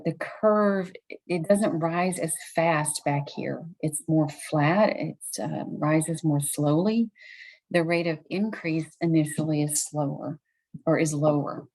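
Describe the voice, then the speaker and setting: Low-voiced tired woman teaching math. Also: warm tone, rough recording. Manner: chatty, self-correcting, thinking aloud. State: tired, late at night. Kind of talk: recorded lesson walkthrough.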